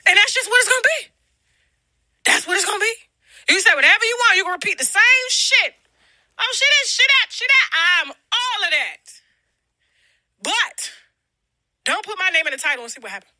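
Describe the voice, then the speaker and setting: A woman's voice: very high-pitched, sing-song, a little fast, long pauses, pushed and bright, no room sound. A woman blogger and channel host, ranting bluntly and profanely to her viewers, acting out what others said to her. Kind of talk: casual profane rant to camera.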